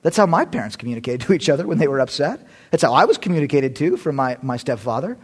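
A male pastor preaching a storytelling sermon in an animated, conversational way, with self-deprecating humor. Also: medium pitch, fast talker, breathy edge.

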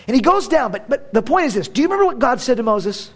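High-voiced male pastor preaching. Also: sing-song, fast, few pauses, a bit bright. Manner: conversational, emphatic, with fillers. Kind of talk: sermon.

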